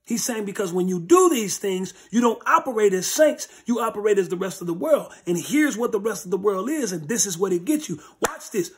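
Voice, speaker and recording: Husky, high-voiced man teaching Bible study. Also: expressive, a little fast, few pauses. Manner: blunt, street-level plain talk; emphatic, repeats phrases for stress. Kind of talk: informal Bible study preaching.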